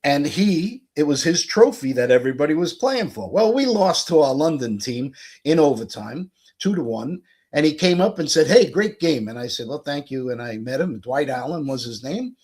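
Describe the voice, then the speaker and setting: An American man in his sixties, a guest telling a career story in a casual, animated way and acting out the dialogue. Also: a little high, normal speed, slightly rough. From United States. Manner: animated, acts out quoted dialogue.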